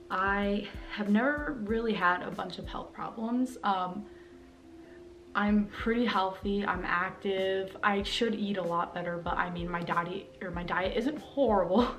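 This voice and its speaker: A woman's voice: mid-range voice, creaky. Young woman rambling candidly to camera. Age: young adult. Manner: rambling and candid, with many fillers. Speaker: vlogger. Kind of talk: personal vlog talking to camera. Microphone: camera mic, talking to camera.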